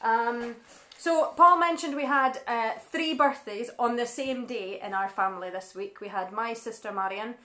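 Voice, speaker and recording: A woman's voice: on the high side, normal speed, pushed and bright. A Scottish woman chatting casually at home between songs, reading out viewers' messages and apologising now and then. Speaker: singer and live stream co-host. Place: living room at home. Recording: echoey room.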